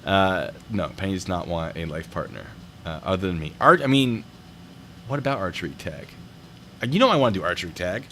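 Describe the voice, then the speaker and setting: A man hosts a show reviewing traffic stop videos, chatting casually and drifting into jokey tangents. His low voice is brisk, a bit bright, and lively in intonation, with a little hiss or hum underneath.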